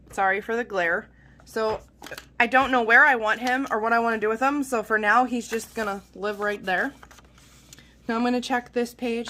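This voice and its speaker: Bright and forceful in tone, this fairly high-pitched woman's voice comes with a little hiss or hum. She hosts a craft channel and rambles chattily, poking fun at herself, as she talks through making her journal at home.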